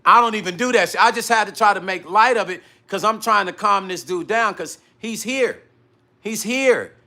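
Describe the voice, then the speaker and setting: A middle-aged man's voice sits high and bright as he hosts his own live stream. He tells the story casually and animatedly, acting out what people said and swearing freely. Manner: animated retelling that acts out dialogue, with frequent profanity. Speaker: musician hosting his own live vlog.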